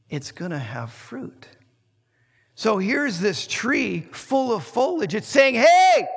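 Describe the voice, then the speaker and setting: Pastor guy preaching, lively storyteller, lotta "like"s, big echoey hall sound. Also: on the high side, creaky, breathy edge. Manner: animated storyteller, many filler likes. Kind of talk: sermon.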